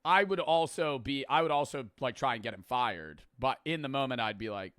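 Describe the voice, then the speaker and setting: A man's voice: medium pitch, big pitch swings, fairly quick, few pauses, fairly bright tone, smooth, no room sound, studio quality. A man in a casual reaction chat, blunt, swearing freely and riffing with mock voices. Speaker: co-host reacting to videos.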